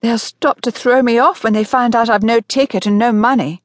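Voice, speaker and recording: A woman's voice: mid-range voice, expressive, moderate pace, no room sound, studio quality, voice pushed up, natural voice. A woman voicing an anxious, earnest young woman in an audiobook. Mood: flustered. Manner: flustered and earnest.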